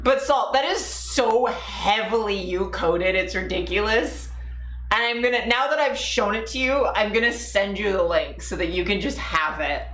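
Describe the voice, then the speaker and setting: A woman hosting a casual live stream, talking to chat viewers in a profane, animated way. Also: medium pitch, moderate pace. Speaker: livestream host. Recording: echoey room with faint ambient noise.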